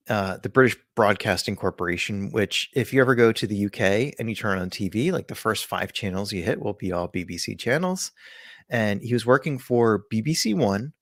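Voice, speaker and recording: A man's voice: fairly low pitch, no room sound, clean studio sound. A man co-hosting a podcast in casual chat, telling stories in a rambling, jokey way. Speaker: podcast co-host.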